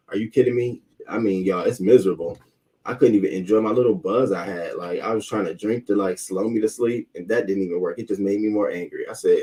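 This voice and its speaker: A man rants in a heated, profane stream of talk while greeting chat viewers by name. His voice sits low and mellow. He sounds set back from the microphone. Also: fairly even intonation, quick pace, distant mic. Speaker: host. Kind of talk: casual live-stream rant.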